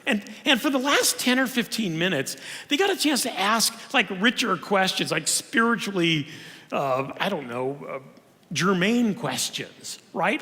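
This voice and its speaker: A man giving a humorous conference lecture in a church auditorium, telling stories in an animated way with frequent restarts. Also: high-pitched, measured pace. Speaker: conference speaker. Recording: long reverb of a church hall.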